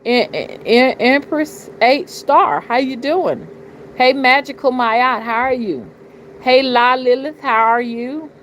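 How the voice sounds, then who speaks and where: A woman's voice: high voice, slow pace, a bit bright, rough recording. A middle-aged woman talks bluntly and profanely in a casual livestream, preaching her views and often asking "you understand?". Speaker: spiritual reader and channel host. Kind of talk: casual livestream talk, greeting chat. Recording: noticeable background noise.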